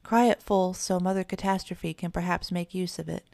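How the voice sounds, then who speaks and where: A woman's voice: fairly low pitch, fairly even intonation, normal speed, creaky, a little mellow, dry recording, studio quality. A woman voicing a brave little boy kitten who speaks eagerly. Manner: eager and earnest.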